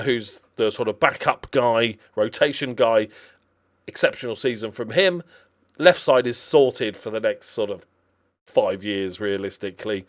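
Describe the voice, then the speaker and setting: A man gives casual, chatty commentary on his video game season, with many fillers and restarts. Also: medium pitch. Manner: chatty and animated, with lots of fillers. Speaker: gaming commentator.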